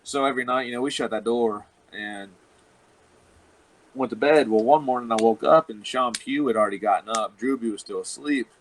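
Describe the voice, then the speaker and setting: A man's voice: mid-range voice, moderate pace, a little hiss or hum, poor audio. A man, a wrestler, telling a rambling, profane story in casual chat and laughing often. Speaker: professional wrestler guest.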